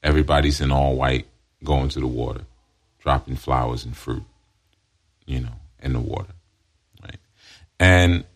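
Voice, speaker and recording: A man teaching as a spiritual counselor in an emphatic monologue, often repeating himself and adding "you see". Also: extremely low pitch.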